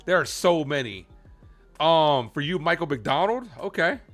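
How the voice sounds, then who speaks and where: A man hosting a live baseball stream, chatting casually with viewers while calling the pitches in an animated way. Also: unhurried, soft background music. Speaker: live play-by-play streamer and host.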